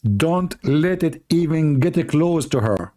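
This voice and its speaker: A man's voice: a little high, lively intonation, takes it slowly, mellow. A man hosting a livestream, giving mocking commentary in a sarcastic, jokey, repetitive way, with the grammar of a non-native English speaker. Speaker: livestream host.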